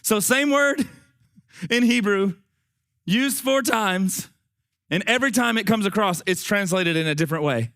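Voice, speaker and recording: A man preaching a sermon in a high, bright, forceful voice. He is folksy and animated and keeps turning to his congregation. His voice is going hoarse and he is short of breath. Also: measured pace, long pauses.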